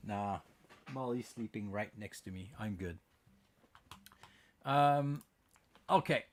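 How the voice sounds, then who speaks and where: A Canadian man hosts a podcast from his home, where his dog is with him. His voice is lowish and slow, and he chats casually, rambling with lots of fillers and restarts. The recording carries a slight hiss or hum.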